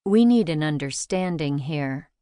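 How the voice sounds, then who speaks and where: A woman narrator voicing a blunt young female aircraft mechanic in a low, calm, cold-edged tone. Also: slow, clean tone, no echo, clean studio sound. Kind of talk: audiobook character voice.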